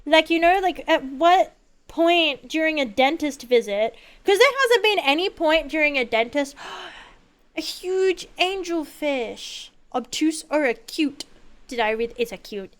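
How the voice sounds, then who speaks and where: A woman streamer chatting casually while gaming, rambling and expressive, with lots of fillers and swearing. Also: high voice, normal speed.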